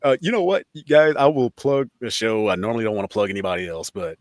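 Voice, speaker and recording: The host of a casual, profane talk show speaks quickly in a lowish voice, with no echo on the recording. He's lively, laughs often, and swears freely.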